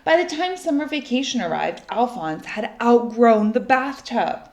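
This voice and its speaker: A woman reading a children's story aloud in an expressive, lively way. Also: on the high side, moderate pace. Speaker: storybook reader. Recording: echoey room.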